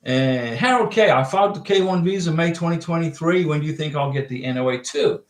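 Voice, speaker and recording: A man's voice: on the high side, a little fast, echoey room. Folksy man hosting a livestream. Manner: folksy, reads viewer chats aloud and answers directly. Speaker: livestream host giving visa advice. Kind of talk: casual livestream chat.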